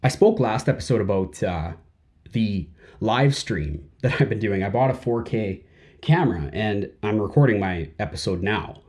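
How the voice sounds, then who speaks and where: A man's voice: on the low side, animated, normal speed, darkish tone. A man hosting a podcast in a casual monologue, rambling and full of fillers. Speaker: podcast host.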